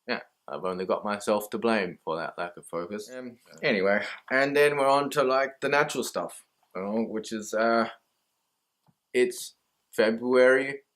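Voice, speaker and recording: A man's voice: on the low side, fairly bright tone. Candid, swearing Australian man. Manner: rambling, swears freely, laughs at himself. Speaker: mental health vlogger. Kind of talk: candid casual monologue.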